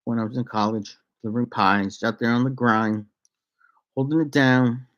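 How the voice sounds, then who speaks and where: A man's voice: mid-range voice, fairly even intonation, normal speed, dull audio. A man in a middle register tells a loose, rambling story straight to his viewers, as a vlogger does. He keeps it laid-back, laughs along the way and breaks into playful made-up sing-song lines. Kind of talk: casual storytelling to camera.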